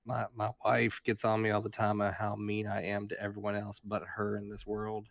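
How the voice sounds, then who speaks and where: A man's voice: on the low side, monotone, normal speed, creaky, no room sound, studio quality. A man joining over a call, teasing and sarcastic in casual chat. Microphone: remote call audio.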